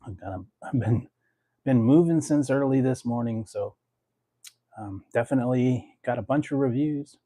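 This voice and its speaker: Husky, giggly man chatting to camera. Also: mid-range voice, normal speed, warm tone, no echo, clean studio sound. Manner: giggly, laughs often between phrases; rambling, with many fillers. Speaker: food review vlogger. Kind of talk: casual chat to camera.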